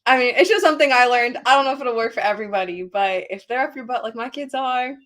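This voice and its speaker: A woman's voice: fairly high pitch, fast talker, fairly bright tone. A young woman on a casual panel chat, chatty and candid as she shares a parenting tip. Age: young adult. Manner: chatty, candid, sharing tips. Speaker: panel guest.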